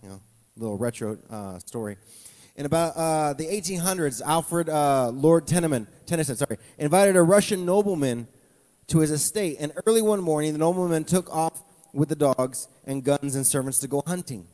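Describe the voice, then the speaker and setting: A man's voice: fairly high pitch, normal speed, mellow. A male pastor preaching a conversational sermon with asides to the congregation. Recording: long reverb from a church hall.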